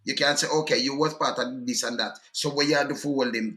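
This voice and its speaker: A man's voice: medium pitch, steady tone, a little fast, few pauses, pushed and bright, roomy sound. A man with a Jamaican accent hosting a call-in talk show, easygoing and affirming. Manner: easygoing, affirming, patois-laced. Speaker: host.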